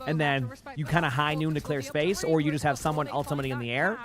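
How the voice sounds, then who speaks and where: A man streaming live, giving rapid esports commentary in auctioneer-like patter as he reacts to a pro match. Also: a little high.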